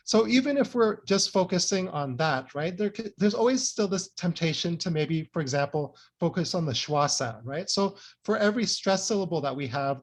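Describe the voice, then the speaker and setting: A man giving an academic presentation, earnest and loose, with many fillers and frequent "right?" checks. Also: fairly high pitch. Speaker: speaker presenting a talk.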